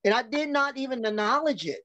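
A man's voice: very high voice, lively intonation, brisk, bright, forceful tone, dry recording. Brief: male wrestler, rambling anecdotal storyteller, salty language, dry, muffled podcast sound. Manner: rambling anecdotes, acts out quoted dialogue, swears freely. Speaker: professional wrestler.

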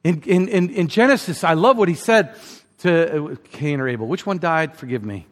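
A male pastor preaching a sermon with passion, climbing to emphatic peaks and then dropping low and quiet. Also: expressive, normal speed, big-room sound.

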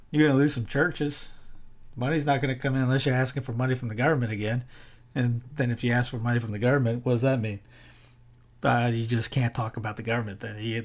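Rambling, sarcastic man ranting to camera. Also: medium pitch. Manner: rambling and sarcastic, with restarts and laughs; rises into loud exhortation. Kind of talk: casual opinion monologue.

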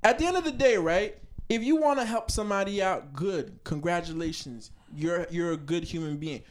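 Emphatic, slangy high-voiced man. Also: a little fast. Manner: emphatic, teasing, street slang. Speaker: podcast co-host. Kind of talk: casual debate chat.

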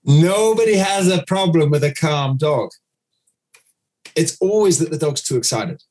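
A man's voice: fairly high pitch, expressive, measured pace, darkish tone. A man, a dog trainer, explaining his method in an interview, acting out owners' commands.

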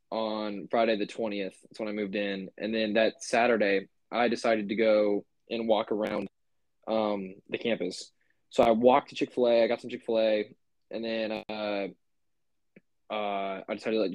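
A man's voice: lowish voice, no room sound. A young man co-hosting a podcast, telling a story in a loose, rambling way with lots of "like" and swearing. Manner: rambling, swears a lot, many fillers. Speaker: podcast co-host. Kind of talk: casual chat.

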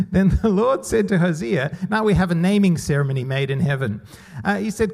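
A pastor preaching a conversational sermon with rhetorical questions and laughter, at times. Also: male voice, sits high, normal speed, creaky, darkish tone.

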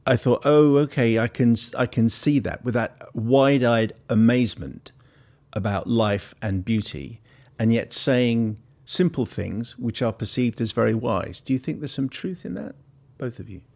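A man's voice: mid-range voice, unhurried, vocal fry, darkish tone. A man hosting a radio film show, asking reflective questions of his guests. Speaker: radio host. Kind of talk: radio interview.

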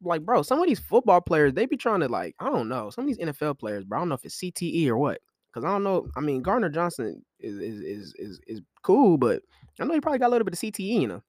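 A young man hosting a podcast, talking sports in loose, slangy, animated commentary with frequent laughs. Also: fairly high pitch, fast talker, no room sound, studio quality. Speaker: podcast host. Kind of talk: casual commentary.

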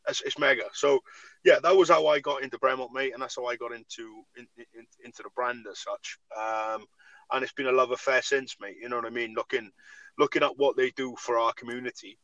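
A man co-hosting a podcast chats eagerly, with "mate" and "you know what I mean" in nearly every breath. His voice is bright and forceful, and the recording is dry and close. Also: mid-range voice, steady tone, a little fast, no room sound, muffled recording. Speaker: podcast co-host. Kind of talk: casual chat.

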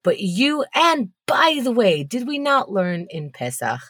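A woman's voice: fairly high pitch, very animated, a little slow, fairly bright tone, husky, no echo, clean studio sound. A woman co-hosting a podcast, telling frank stories with sarcastic, profane asides. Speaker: podcast co-host. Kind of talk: casual podcast chat.

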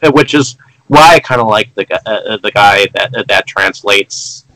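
A man on a casual podcast recapping a film plot, halting, with many fillers and restarts. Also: lowish voice, bright, forceful tone, no echo, low-quality recording. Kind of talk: casual chat.

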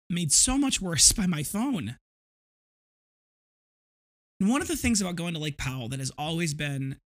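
Chatty man with a slightly high voice. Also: creaky. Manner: rambling, vivid descriptive storytelling with frequent restarts. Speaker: podcast host. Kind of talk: casual storytelling monologue.

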